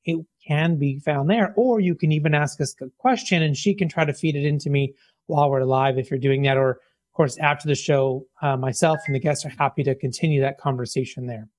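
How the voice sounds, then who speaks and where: A man's voice: on the high side, a little fast, no echo. Chatty self-deprecating male podcast host. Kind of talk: casual show intro and interview.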